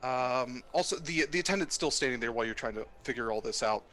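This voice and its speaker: A man narrating a tabletop game as game master, halting with many fillers. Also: mid-range voice, expressive, fairly bright tone, a little hiss or hum.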